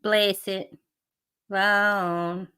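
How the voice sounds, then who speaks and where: Slow, blunt woman reaction host. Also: medium pitch, little pitch movement, sharp tone, clean tone. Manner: blunt and profane, laughing often. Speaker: commentary channel host. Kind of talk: casual reaction commentary.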